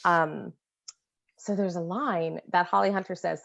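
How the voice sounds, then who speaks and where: A woman co-hosting a casual movie discussion, telling stories in an animated, laughing way. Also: medium pitch, unhurried, creaky, muffled recording, noisy background. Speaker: co-host.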